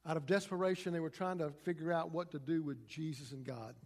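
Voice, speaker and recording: A man's voice: fairly high pitch, fairly even intonation, a little fast, darkish tone. A man preaching a sermon, reading scripture aloud dramatically and acting out the quotes. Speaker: pastor. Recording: long hall reverb.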